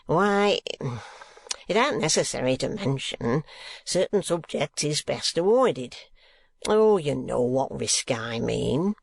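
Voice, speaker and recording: A man's voice: on the high side, expressive, slow pace, gravelly, no room sound, clean studio sound, heavily acted. A man voicing a coarse, evasive middle-aged schoolmaster who talks in ungrammatical rustic speech and pleads his way around hard questions.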